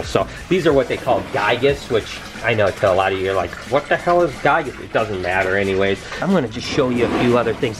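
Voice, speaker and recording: Middle-aged male vlogger, animated and excitable, casual shop walkthrough with a faint music bed. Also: mid-range voice. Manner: excited, gushing, exclamatory. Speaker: reptile breeder and vlogger. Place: reptile shop, indoors.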